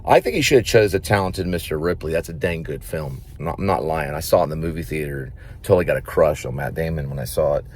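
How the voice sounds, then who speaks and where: A man's voice: a bass voice, expressive, quick pace, hardly any pauses, a little mellow, slight background noise. A man who acts, telling rambling stories to the camera in a casual vlog, repeating himself as he goes. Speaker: actor and vlogger.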